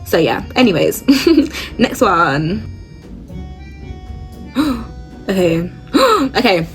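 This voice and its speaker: Blunt, animated woman reacting on camera. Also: medium pitch, extremely slow, faint music behind. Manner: blunt, animated, laughs and gasps while reading. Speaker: host reading reddit posts. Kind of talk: casual reaction commentary.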